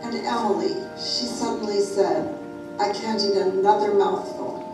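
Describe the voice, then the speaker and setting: A woman's voice: mid-range voice, steady tone, unhurried, close to an everyday voice. A woman voicing a worried small-town mother on her daughter's wedding day, talking in a fretful, confiding way in an amateur play reading. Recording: echoey room, mic far off, music behind.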